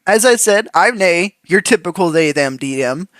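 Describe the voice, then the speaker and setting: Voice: mid-range voice, expressive, fairly bright tone, no room sound. A game master chatting casually and joking, laughing often between lines. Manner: laughs a lot, quick and joking. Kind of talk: casual chat.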